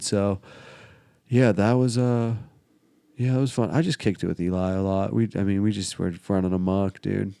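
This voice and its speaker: A man's voice: fairly low pitch, moderate pace, mellow, smooth, no room sound, studio quality. A man in his twenties telling stories in a casual chat, laid back and full of slang and fillers. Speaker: podcast guest. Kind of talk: casual storytelling.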